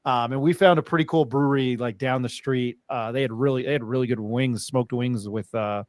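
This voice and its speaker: A man's voice: medium pitch, steady tone, a little fast, dry recording. A man from New Mexico hosting a podcast, telling stories casually with many fillers and restarts. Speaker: podcast host. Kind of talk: casual chat.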